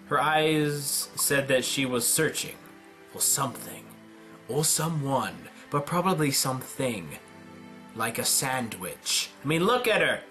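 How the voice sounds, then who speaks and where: A man reading a visual novel aloud dramatically, with deadpan joking asides. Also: mid-range voice. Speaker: let's player.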